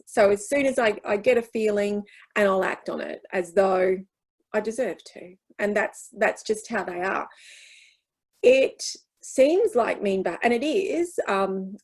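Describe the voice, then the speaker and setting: A woman's voice: a little high, darkish tone. Woman explaining child behavior to teachers. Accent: Australian. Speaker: child anxiety speaker at teacher workshop. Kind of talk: workshop Q&A talk.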